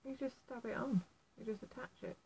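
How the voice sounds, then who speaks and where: A woman's voice: fairly high pitch, fairly quick, gravelly, dark tone, a little hiss or hum, rough recording. A woman with a Yorkshire accent giving a casual how-to tutorial on needle felting, chatty and self-deprecating, making apologetic asides as she works indoors at home. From Yorkshire, England. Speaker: felt artist teaching a tutorial.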